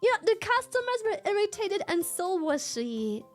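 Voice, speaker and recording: A woman streamer chatting casually, telling a story in an animated, profane way and laughing often. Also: very high-pitched, normal speed, faint music behind. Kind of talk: casual livestream chat.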